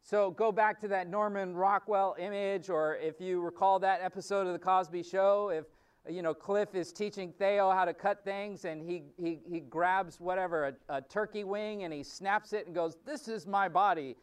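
A male pastor delivers a sermon in a loose, conversational teaching style, restarting phrases and filling pauses as he goes. His voice sits high and comes through smooth and resonant. He stands some distance from the microphone. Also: steady tone.

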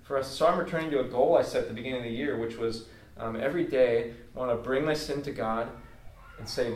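A fast-talking man with a medium-pitched voice gives an informal, heartfelt sermon in a conversational style, using many fillers and sounding earnest throughout. It was recorded in an echoey room with the mic set at a distance.

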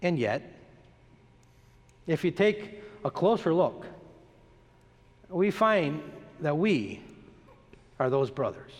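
A man preaching a sermon, dropping his voice low on slow, emphatic lists and rising sharply as he presses each point. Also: sing-song. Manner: dramatic rises and drops, slow emphatic lists. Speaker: pastor. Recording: long hall reverb.

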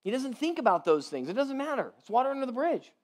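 A man with a high voice gives a sermon in a relaxed, chatty manner. He checks in with the room often and sometimes goes quiet and soft for emphasis. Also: quick pace. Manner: conversational, with many "like" and "right?". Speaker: pastor.

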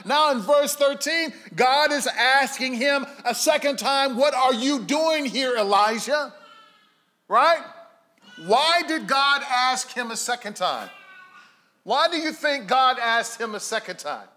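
High, bright-voiced preaching man. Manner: storytelling preacher, swings from hushed to emphatic. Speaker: pastor. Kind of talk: sermon.

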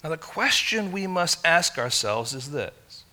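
A man from England, preaching a sermon in an animated, conversational storytelling way. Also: on the high side, a little slow. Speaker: pastor.

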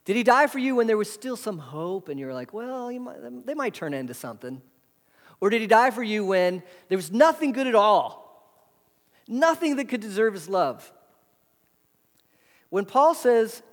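Man, pastor, conversational sermon, rhetorical questions, slightly high pitch, long hall reverb. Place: church hall.

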